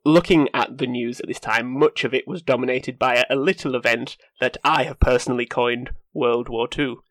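A man's voice: mid-range voice, fairly even intonation, moderate pace, fairly bright tone, no room sound. A man hosting a casual film podcast, joking wryly and laughing through his lines. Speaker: podcast host presenting news segment.

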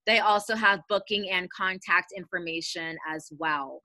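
A young woman from hosting a podcast in a casual, chatty way, her voice raspy from allergies and full of fillers. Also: fairly low pitch, moderate pace, sharp tone, no room sound. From Ohio, USA. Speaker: podcast host. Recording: dry with faint background music.

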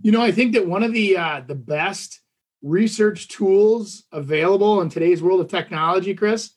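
A man with a high, husky voice hosts a relaxed podcast conversation. He tells rambling stories full of fillers and restarts. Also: moderate pace. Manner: talkative storyteller, many fillers and restarts. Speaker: podcast co-host. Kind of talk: casual chat.

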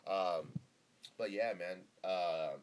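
A man's voice: low-pitched, very slow, clear, resonant tone. Rambling, profane young man hosting a podcast. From Northern California. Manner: rambling, profane and laid-back, with lots of fillers. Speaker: podcast host. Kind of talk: casual solo podcast monologue. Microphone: close podcast microphone.

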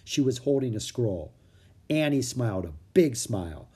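Guy reading a kids book out loud, husky voice, lots of ups and downs. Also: mid-range voice, normal speed. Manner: expressive storytelling. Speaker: audiobook reader. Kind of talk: children's book read-aloud.

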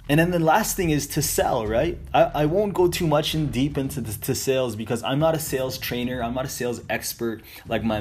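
A man's voice: mid-range voice, a little mellow, a little hiss or hum. A man giving a casual motivational talk on leadership, talking in a loose, conversational way and often checking in with "right?". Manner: conversational, repeats "right?" often, restarts phrases. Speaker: leadership speaker.

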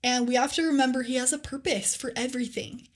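A young woman co-hosting a faith podcast, telling scripture stories in an earnest, animated casual way with lots of "like.". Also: high-pitched, quick pace. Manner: earnest, animated storytelling with many "like"s. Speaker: podcast co-host.

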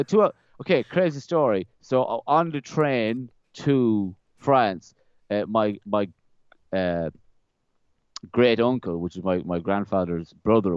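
A man's voice: low voice, a little mellow, clean tone, no room sound. A young man, a podcast guest, telling stories in a loose, rambling way, often repeating words and laughing. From Ireland. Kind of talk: casual conversational storytelling. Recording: slightly dull, dry close-mic sound.

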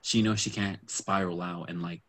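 A man's voice: low voice, fairly even intonation, moderate pace, a bit bright, a little hiss or hum. A man in casual, rambling chat about a reality show, full of fillers and asides. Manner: chatty, rambling, lots of fillers and quoted asides.

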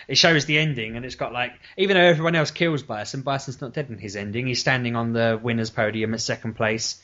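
A man's voice: medium pitch, a bit bright. A man hosting a casual podcast chat, telling long rambling stories and often laughing at them himself. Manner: rambling storyteller, laughs at his own stories. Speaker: podcast host. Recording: lo-fi podcast audio.

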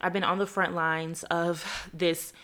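A woman's voice: lowish voice, level tone, takes it slowly, fairly bright tone. A young adult woman from the United States hosting a heartfelt faith podcast, speaking earnestly and close to tears, calling her listeners y'all. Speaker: podcast host.

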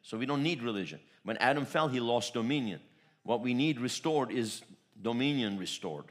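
A man preaching a sermon as pastor, storytelling with repeated phrases and swinging between loud declarations and soft asides. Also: mid-range voice, expressive, normal speed.

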